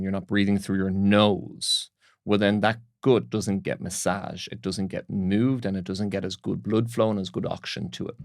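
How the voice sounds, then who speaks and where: Gravelly-voiced man explaining calmly. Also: on the low side, dry recording, clean studio sound. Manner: calm, instructive, tells anecdotes. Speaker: breath coach, podcast guest. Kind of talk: explanatory interview talk.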